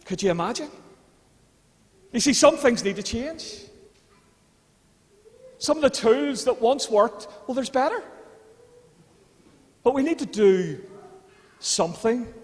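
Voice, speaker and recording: A Northern Irish pastor with a high voice preaches to his church. He talks casually with the congregation, then builds to fervent appeals. His voice rings with the long reverb of the church hall. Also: expressive, slow, long pauses. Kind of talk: sermon.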